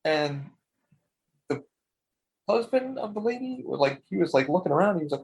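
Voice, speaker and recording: A man with a gravelly, husky voice, talking in a loose, rambling way and swearing as he goes. His voice sits a little above the usual pitch for a man. It is relaxed podcast chat. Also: moderate pace, pauses often, highs cut off. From Florida. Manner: rambling storyteller, swears freely. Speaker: podcast co-host. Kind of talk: casual chat.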